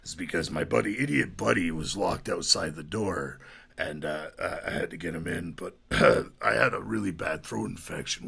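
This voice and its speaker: Giggly gravelly man rambling drunk. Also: sits low, moderate pace. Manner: giggly, rambling, swings between mutters and shouts. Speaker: comedy vlogger. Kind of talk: drunk rambling comedy riffs.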